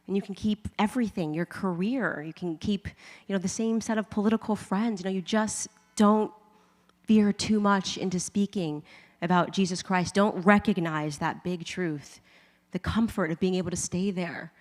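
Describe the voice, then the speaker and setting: A woman's voice: fairly low pitch, steady tone, moderate pace, a little mellow. A woman giving a humorous personal testimony to a live audience, laughing often and acting out her own thoughts. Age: adult with a husband and kids. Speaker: speaker giving a conversion testimony. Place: large event hall. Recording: long hall reverb from a live event.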